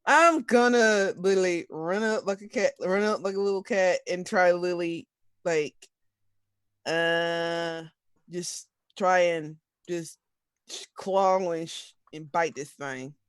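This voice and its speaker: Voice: mid-range voice, a little slow, a bit bright, clean tone, no room sound. A player in a tabletop game, rambling and self-deprecating, hesitating as they describe their moves. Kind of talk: casual tabletop game chat.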